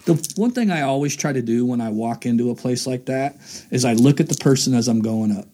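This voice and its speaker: A man's voice: mid-range voice, brisk, warm tone. A man hosting a casual faith talk, earnest and rambling, restarting his sentences often. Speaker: host.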